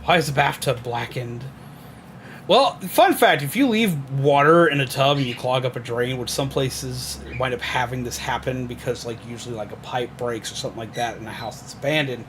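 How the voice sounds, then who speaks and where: Here the same kind of gamer, a young man, speaks at a medium pitch and a moderate pace, with noise behind him. He chats loosely through a horror game, cursing and wandering off on tangents packed with fillers, in a relaxed let's-play style.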